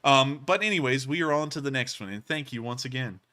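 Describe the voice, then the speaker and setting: A man hosts a livestream, chatting casually as he answers donations, lively and rambling with frequent fillers and restarts. His voice is mid-range and fairly quick.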